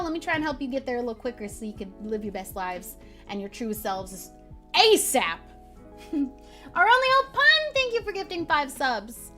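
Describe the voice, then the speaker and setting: Young woman, high-pitched voice, casual stream chat, laughs a lot, faint music in background. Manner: chatty, laughs often, gentle encouraging tone. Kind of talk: casual chat reading viewer messages. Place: home streaming room.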